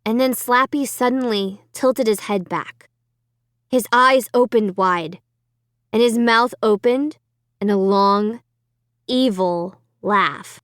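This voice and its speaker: A woman reading a children's horror book aloud in first person, with expressive dramatic delivery on a close microphone. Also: on the high side, slow, smooth, dry recording. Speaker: audiobook narrator. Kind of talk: scripted first-person narration.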